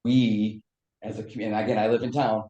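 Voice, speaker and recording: Hoarse, low-voiced fire chief. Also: male voice, level tone, a little fast, warm tone. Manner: earnest, explains at length with small restarts. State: hoarse, losing his voice. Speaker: fire chief presenting a budget request. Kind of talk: public meeting testimony. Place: town meeting room. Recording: echoey meeting room.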